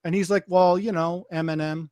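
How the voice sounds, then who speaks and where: A man with a high-pitched voice recounts a story in casual podcast conversation, acting out each quoted line and circling back with restarts as he goes. His voice is recorded close and dry, with no room sound. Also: fairly even intonation, normal speed, a little mellow, dry recording. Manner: vivid retelling, acting out quoted dialogue; frequent restarts and repeated phrases.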